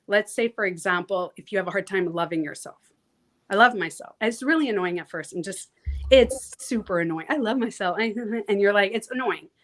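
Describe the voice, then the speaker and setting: Woman guest coach, mid-pitched, lively and chatty, mimics voices, casual swearing. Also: moderate pace, slight background noise. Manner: animated, acts out inner voices, laughs easily, swears casually. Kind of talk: casual interview talk.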